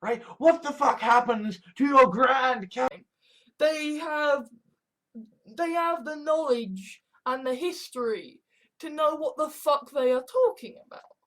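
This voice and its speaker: A woman's voice: sits high, takes it slowly, a bit bright. A woman talking in a casual, rambling monologue, swearing often and restarting her sentences. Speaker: online commentator.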